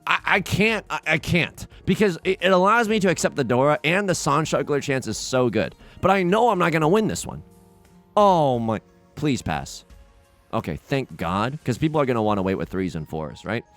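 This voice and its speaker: A man's voice: a little high, big pitch swings, normal speed, fairly bright tone, faint music behind. A young man hosting a let's play, chatting casually and mock-outraged at his luck in a self-deprecating way. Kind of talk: casual gameplay commentary.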